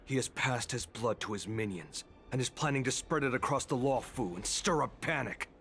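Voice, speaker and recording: An actor playing a grim, loyal young male soldier in a video game, speaking in a gravelly, serious tone. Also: mid-range voice, animated, moderate pace, fairly bright tone, a little hiss or hum.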